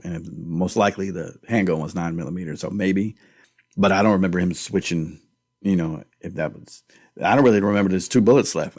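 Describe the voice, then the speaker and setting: A man's voice: low voice, darkish tone. A middle-aged man co-hosting a casual movie review podcast, laid-back and jokey. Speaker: podcast co-host.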